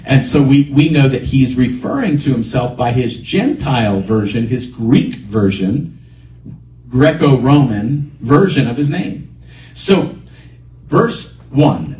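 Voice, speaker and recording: A man's voice: medium pitch, animated, takes it slowly, darkish tone. Earnest preacher man in an echoey room. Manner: earnest, emphatic preaching with repeated phrases. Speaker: pastor. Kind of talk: sermon. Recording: echoey room picked up from a distance.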